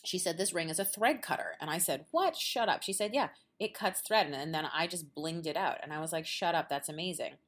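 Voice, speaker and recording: Podcast host, woman, lively chatty storyteller, voice on the low side. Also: a little fast, few pauses. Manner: animated storyteller, acts out quotes, laughs often. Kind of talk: casual chat. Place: at a quilt show.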